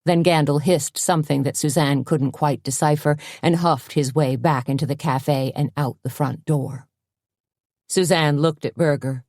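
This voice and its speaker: Woman reading an audiobook, low mellow voice, dry close mic. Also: fairly even intonation, unhurried, no echo. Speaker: audiobook narrator. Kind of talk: scripted narration.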